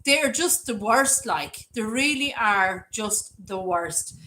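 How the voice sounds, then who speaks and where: A woman's voice: mid-range voice, lively intonation, slow pace, bright, forceful tone, low-quality recording. A middle-aged Irish woman hosting a livestream, chatting and rambling through stories. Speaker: livestream host. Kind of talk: casual livestream chat reading comments.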